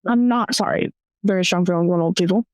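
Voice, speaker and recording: A woman's voice: lowish voice, quick pace, no echo, low-quality recording. A young woman co-hosting a casual chat, blunt, profane and joking. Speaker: podcast co-host.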